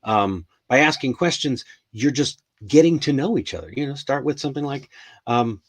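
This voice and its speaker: A man's voice: mid-range voice, lively intonation, normal speed. A middle-aged man hosting a live English lesson, talking in a chatty, rambling way with frequent ums and restarts. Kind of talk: casual live-stream lesson.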